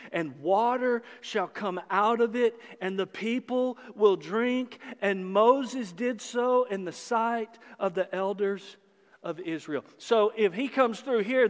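A man with a notably high voice preaching a sermon, unhurried and deliberate. He reads scripture and teases his listeners with playful sarcasm. His voice rings with a long reverb, as in a large church sanctuary. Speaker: pastor.

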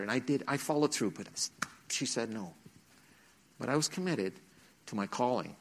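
Preaching to teens in church, a middle-aged youth speaker uses a medium-pitched voice with lively intonation, normal speed and frequent pauses. His sermon is an earnest personal testimony with acted-out quotes.

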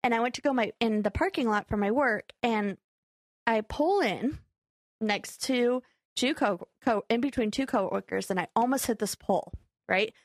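A young adult woman hosting a podcast, telling a story in a casual chat, animated and acting out her own quotes with frequent laughter. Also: on the high side, moderate pace, no echo. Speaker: podcast co-host.

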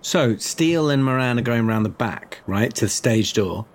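A man's voice: medium pitch, animated, normal speed. A man running a tabletop game, describing scenes and groping for words, swearing casually. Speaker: game master.

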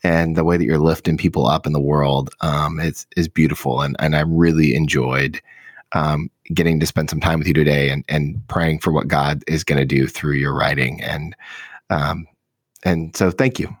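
A man hosting a faith podcast, encouraging and quick to laugh. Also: rumbling low, fairly even intonation, breathy edge, no echo, clean studio sound. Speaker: podcast host. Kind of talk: casual interview hosting.

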